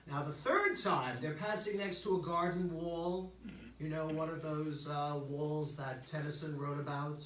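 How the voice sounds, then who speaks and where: Brief: older male rabbi, casual joking sermon, bright slightly high voice, distant mic in an echoey sanctuary. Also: moderate pace. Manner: joking, conversational, lots of okays and asides. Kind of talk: informal sermon. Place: synagogue sanctuary. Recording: echoey hall, distant mic, faint hum.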